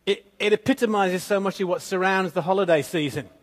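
A man giving a conversational sermon, telling stories with gentle humor. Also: sits high, fairly quick. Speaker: pastor. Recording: long reverb of a church hall.

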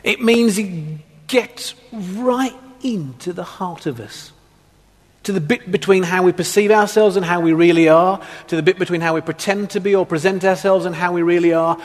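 Guy preaching a sermon, kinda high voice, lots of hall reverb, jokey stories between the scripture bits. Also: normal speed. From England, Black Country. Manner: humorous storytelling preacher.

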